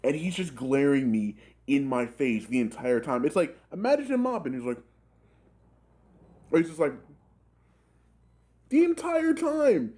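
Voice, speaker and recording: A young man in his twenties telling a rambling, profane work story in a casual, animated way, full of filler words. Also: mid-range voice, moderate pace. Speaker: gaming channel host telling a story.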